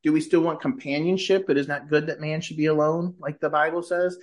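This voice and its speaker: A middle-aged man talks as a podcast guest, recounting his life in a relaxed, conversational way. His voice sits a little high for a man. He turns lively and jumps in pitch whenever he quotes his own past words. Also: brisk. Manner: animated, shifts pitch when quoting himself. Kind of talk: casual conversational storytelling.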